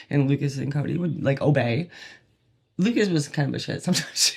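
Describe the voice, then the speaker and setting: A woman's voice: low voice, fairly quick, vocal fry, breathy edge. A woman hosting a podcast, telling candid personal stories in a rambling way, laughing often and swearing casually. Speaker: podcast host.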